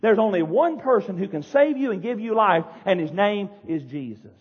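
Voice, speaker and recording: A man with a strikingly high, husky voice preaches a fiery sermon from the pulpit, crying out with force. The sound is dull and lo-fi, with a long reverb trailing through the church hall. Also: expressive, normal speed. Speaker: pastor. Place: church sanctuary.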